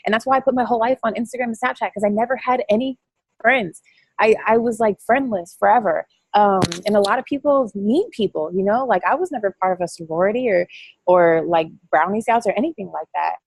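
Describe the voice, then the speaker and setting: A woman giving a chatty, excitable motivational talk to her coaching team over a call, rambling and quick to laugh. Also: mid-range voice, husky, no echo. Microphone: phone or call line.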